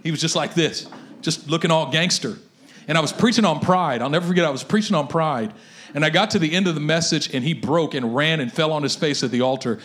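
A man preaches with a high, bright-toned voice. He tells stories in an animated way and leans into his points. His delivery is lively and conversational. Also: fairly quick. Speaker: pastor. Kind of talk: sermon.

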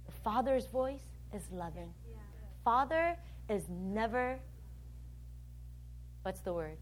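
A woman preaching a sermon, animated, swinging between loud bursts and soft, low stretches, and acting out the voices of other people as she teaches. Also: slow, a little hiss or hum. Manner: plays out voices of a nagging map and a complaining listener.

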